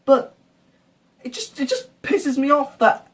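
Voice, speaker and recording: Brief: male reactor, fed-up sweary rant, very animated pitch, slightly distant mic. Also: a little slow. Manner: exasperated, repeatedly insulting and swearing. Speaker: video reactor. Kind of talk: ranting reaction commentary.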